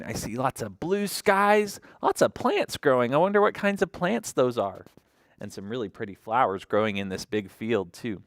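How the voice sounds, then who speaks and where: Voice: medium pitch, no echo, clean studio sound. A children's librarian reading a picture book aloud to toddlers, imitating animal sounds and asking the children questions.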